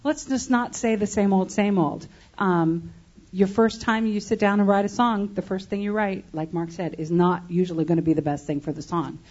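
A woman's voice: medium pitch, fairly even intonation, moderate pace, darkish tone, lo-fi sound. A woman co-teaching a songwriting workshop, adding practical advice to the main teacher.

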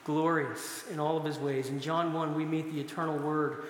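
A man's voice: fairly high pitch, little pitch movement, moderate pace, a little hiss or hum. A middle-aged man preaching a sermon, telling stories and laughing now and then as he speaks. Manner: storytelling with bursts of laughter. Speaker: pastor. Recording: echoey hall with long reverb.

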